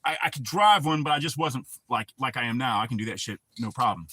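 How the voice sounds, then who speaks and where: A man's voice: medium pitch, expressive, quick pace, sharp tone, breathy edge, no echo. A man hosting a livestream, telling profane, rambling stories in casual talk and answering his chat. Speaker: livestream host.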